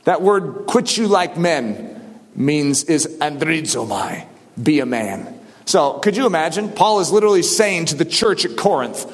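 Man preaching, shouting bursts, echoing hall. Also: fairly high pitch, very animated, moderate pace. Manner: swings from quiet to shouted exhortation. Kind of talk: sermon.

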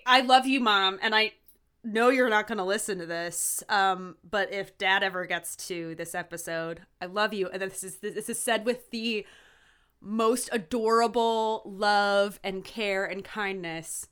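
A young woman co-hosts a podcast, chatting casually, laughing often, and drifting into warm, teasing tangents. Her medium-pitched voice is clean and moves at normal speed.

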